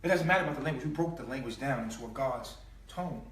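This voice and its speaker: A man's voice: mid-range voice, lively intonation, fast, a bit bright. A man giving an impassioned spiritual teaching in slangy street talk, emphatic, repeating and stretching sounds to make his point. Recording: echoey room, mic at a distance.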